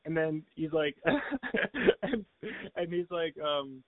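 A man's voice: a little high, expressive, takes it slowly, no echo, phone-quality sound. A man on a podcast telling a long rambling story in casual chat, full of restarts and little laughs. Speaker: podcast co-host.

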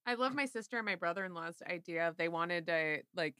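A woman co-hosting a podcast in casual chat, animated and quick to laugh, sometimes dropping into vocal fry. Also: fairly low pitch, dry recording, studio quality. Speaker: podcast co-host.

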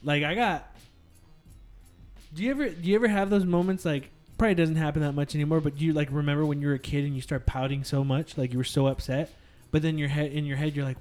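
Animated guy telling gaming stories. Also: fairly high pitch, fast. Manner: animated, swears freely, tells stories. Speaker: podcast co-host, streamer. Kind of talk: casual gaming chat.

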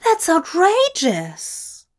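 A woman's voice: a little high, lively intonation, slow. A woman voicing a fussy, earnest male angel with prim, old-fashioned manners. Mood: appalled.

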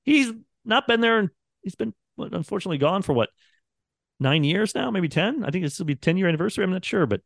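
A man's voice: high-pitched, big pitch swings, quick pace, gravelly, dry recording, clean studio sound. A man, a radio producer chatting casually on a podcast and acting out quotes from the people in his stories. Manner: rambling storyteller, acts out quotes.

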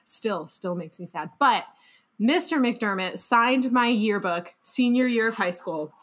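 A woman's voice: a little high, animated, unhurried, a bit bright. A woman from New York State, co-hosting a casual podcast chat and telling stories with plenty of fillers. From New York State, USA. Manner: chatty, storytelling, lots of fillers. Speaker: podcast co-host.

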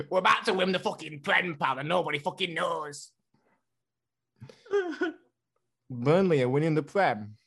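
Brash swearing football boss played by a man, lively and high. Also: measured pace, gravelly, pauses often, husky, full character voice. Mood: boastful. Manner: loud, crude, laughing through lines.

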